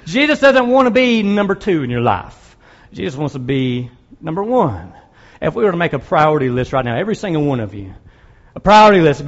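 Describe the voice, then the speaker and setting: High-voiced male preacher, conversational. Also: fairly bright tone, dull audio. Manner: conversational, asks the congregation direct questions, wry asides. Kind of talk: sermon.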